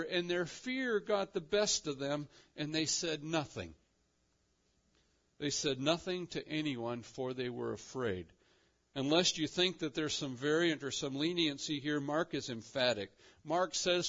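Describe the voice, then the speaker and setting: Man, preacher, sermon, emphatic, rhetorical questions, raised pitch, muffled lo-fi audio. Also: expressive, measured pace. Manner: emphatic, with rhetorical questions and wide swings in loudness. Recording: dull lo-fi recording.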